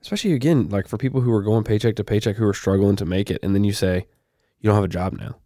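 A man's voice: on the low side, rapid-fire, mellow, dry recording, clean studio sound. A young man co-hosting a podcast, reading news stories aloud with casual asides and fillers. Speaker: podcast co-host.

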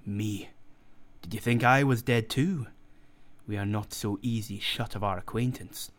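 A man's voice: on the low side, a little slow, lightly acted. Aging down-and-out drunk, bitter and blunt, read by a male narrator. Plain storybook delivery. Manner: blunt, vehement.

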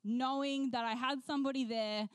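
A woman preaching a sermon, telling a personal story in an animated way and acting out the voices she quotes. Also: high voice, normal speed, no room sound.

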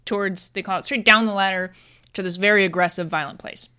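A woman's voice: mid-range voice, fairly even intonation, fast talker, bright, forceful tone, clear, resonant tone. A young woman chatting casually, telling a film's plot with loose "like" and "and then" storytelling. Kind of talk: casual film recap chat.

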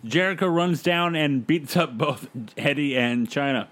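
A man's voice: a little high, unhurried, a bit bright. A man casually recapping events play by play on a podcast, laughing along with his co-host.

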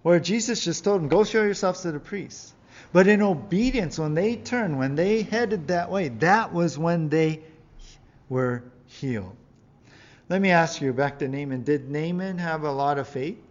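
Reading from scripture in a conversational sermon, this pastor voices the people in it with a raised voice. His pitch is fairly high, his pace unhurried, and the sound lo-fi.

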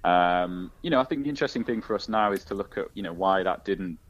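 A man with a very low voice, feeling his way through his thoughts with constant fillers and restarts. His audio sounds muffled and dull, as if it came through a lo-fi mic. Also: lively intonation, fast. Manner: hesitant, searching, many fillers. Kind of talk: casual discussion.

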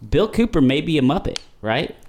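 A man talks casually with friends, his voice lively and swooping in pitch. He is hesitant and self-deprecating, often restarting mid-thought. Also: moderate pace. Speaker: cast member. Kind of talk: casual group chat.

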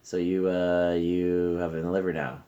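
A man's voice: sits low, little pitch movement, a little slow, warm tone, highs cut off, voice pushed up. A man voicing a blunt, tactless male doctor's assistant, putting on an accent and broken English. It is recorded in a friend's living room. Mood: offhand. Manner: tactless, offhand, accented put-on.

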